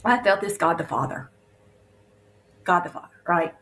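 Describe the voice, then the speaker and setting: A woman's voice: lowish voice, a little slow, long pauses, a bit bright, slight background noise. A woman, earnestly sharing a vivid spiritual testimony as a guest. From Alabama, USA.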